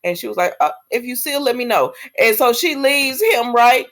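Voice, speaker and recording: A woman's voice: on the high side, moderate pace. A woman casually recapping a soap episode, acting out the characters' lines and laughing at the drama. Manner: animated, laughs often, acts out characters' lines in quoted voices. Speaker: soap opera recap vlogger.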